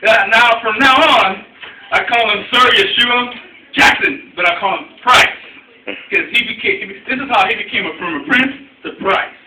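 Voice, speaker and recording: A man's voice: very high-pitched, moderate pace, pushed and bright. A young man telling a story in a casual, rambling way, filling gaps with "you know" and "I mean" and swearing freely, recorded indoors on a phone camera. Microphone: phone camera from across the room. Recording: echoey, distant, noisy phone video.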